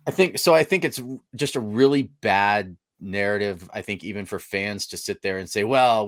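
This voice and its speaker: A man's voice: lowish voice, no echo, studio quality. A man co-hosting a sports podcast in casual chat, blunt and opinionated, with the odd mild curse. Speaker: podcast co-host.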